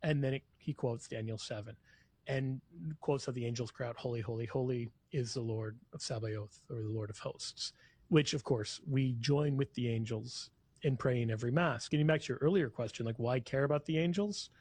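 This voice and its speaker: A man's voice: mid-range voice, moderate pace, a little mellow, husky. A man who is a guest on a talk show, explaining scripture, reading passages aloud and laughing easily.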